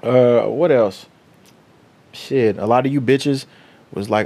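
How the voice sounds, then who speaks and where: Young dude rambling on his podcast, cussing a lot, mid pitch, really animated. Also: slow. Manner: loose, profane, animated storytelling with quoted asides. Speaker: podcast host. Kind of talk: casual solo podcast storytelling.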